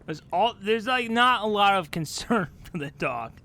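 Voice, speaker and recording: A woman's voice: mid-range voice, expressive, moderate pace, pushed and bright. A woman co-hosting a comedy podcast, chatting and giggling often. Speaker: podcast co-host. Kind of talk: improvised comedy chat.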